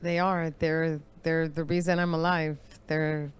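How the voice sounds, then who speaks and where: Sincere woman guest with smooth, low voice. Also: little pitch movement, measured pace. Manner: sincere, warm about her children, brief answers. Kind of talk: interview conversation.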